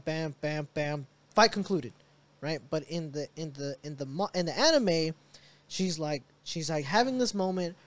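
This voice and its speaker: A man co-hosting a casual podcast chat, telling stories in an animated way, swearing and acting out reactions. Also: high voice, no echo. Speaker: podcast co-host.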